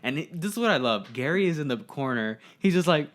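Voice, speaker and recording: A man's voice: mid-range voice, sing-song, fast talker, a bit bright. A man co-hosting a podcast, telling the story loosely with plenty of swearing and jokes. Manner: loose, profane, jokey storytelling. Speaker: podcast co-host. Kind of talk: casual chat.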